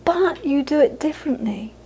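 A woman's voice: high-pitched, expressive, normal speed, warm tone, rough recording. A British woman teaching as a Buddhist teacher, giving an earnest talk to a live audience, repeating phrases for emphasis and laughing often.

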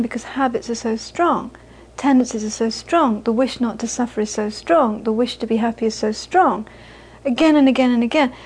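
A woman with a high-pitched voice leads a Buddhist teaching session. She tells anecdotes, laughs easily, and repeats key phrases for emphasis. She speaks in the loose, conversational manner of a dharma talk given to a live audience. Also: moderate pace, few pauses, a little mellow, breathy edge, low-quality recording.

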